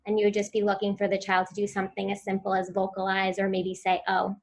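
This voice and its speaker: Woman, mid-pitched, clear instructive presenter for a virtual conference talk. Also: monotone, quick pace. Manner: clear instructive delivery, models sounds for children. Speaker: speech therapy presenter.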